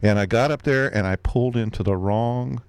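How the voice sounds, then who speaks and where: A man's voice: mid-range voice, moderate pace, clear, resonant tone, no echo. A man from Florida with a Southern drawl, telling folksy, joking stories on a casual radio chat show. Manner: folksy, joking, rambling anecdotes.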